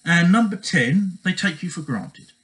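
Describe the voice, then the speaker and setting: A man's voice: high-pitched, animated, a little slow, fairly bright tone, low-quality recording. A man giving relationship advice in a casual monologue, earnest and repetitive, often checking in with "okay?".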